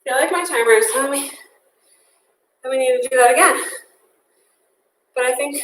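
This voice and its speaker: Counting down and cheering people on, a breathless young instructor runs an interval workout in upbeat style. Her voice is high-pitched and fairly bright, at normal speed with frequent pauses. The far-off mic picks up room echo and a little hiss or hum.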